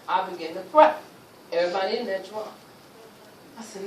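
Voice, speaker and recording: A woman's voice: medium pitch, a little fast, long pauses. A woman giving an emphatic personal testimony at a luncheon, acting out the voices of the people in her story. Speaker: speaker sharing her testimony. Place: luncheon venue, roomy hall. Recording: echoey room, distant, with noise.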